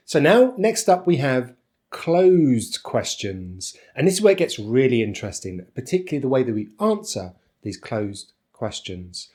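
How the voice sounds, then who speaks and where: This is a man with a British accent giving an online pronunciation lesson. His pitch sits in the middle but moves a lot, rising and falling with plenty of life. He explains clearly and deliberately, leaning into each intonation pattern. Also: big pitch swings, a little mellow. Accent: British English. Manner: clear, deliberate explaining with exaggerated rises and falls. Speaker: English pronunciation teacher.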